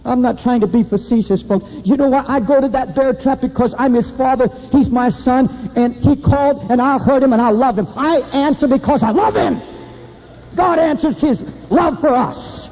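Husky high-voiced impassioned male preacher. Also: moderate pace, warm tone. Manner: impassioned, swinging between high and low emphasis. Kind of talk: sermon. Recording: dull lo-fi recording in a reverberant hall.

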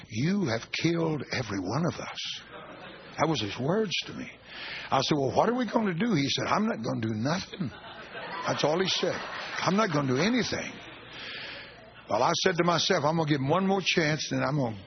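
A man preaching, telling a story from his own ministry with animated testimony and quoted dialogue. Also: on the high side, vocal fry, a little hiss or hum. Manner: animated testimony, quoting God and others. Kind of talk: sermon storytelling. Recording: dull lo-fi recording.

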